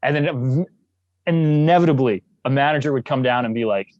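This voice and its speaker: Jovial guy from canada chatting as a podcast guest, lively storyteller, dry close sound. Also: mid-range voice, moderate pace, no echo, highs cut off. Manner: jovial, enthusiastic, animated storyteller. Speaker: guest, actor. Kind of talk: casual podcast interview.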